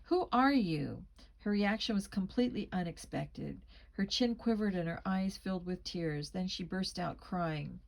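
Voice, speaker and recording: On a low-quality recording, an amateur audiobook reader narrates a teen mystery in the first person, her low, creaky, slightly mellow voice moving at normal speed with few pauses. She adds small voice changes to shade the dialogue.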